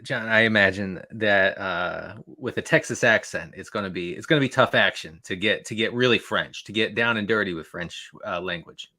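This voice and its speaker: A man's voice: fairly low pitch, sharp tone. Rambling man talking fantasy football. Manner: rambling, repeats words, quick laughs. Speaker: guest analyst. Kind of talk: casual fantasy football podcast chat.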